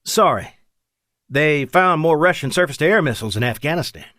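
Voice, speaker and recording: A man voicing a young, nervous male fighter pilot with an Appalachian accent, who talks fast and high-strung. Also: lively intonation, fairly bright tone, no room sound, studio quality. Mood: worried.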